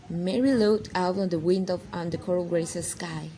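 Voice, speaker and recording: A woman reading a children's novel aloud, carefully and haltingly, often restarting words. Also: on the low side, fairly even intonation, warm tone, slight background noise, poor audio. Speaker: reader.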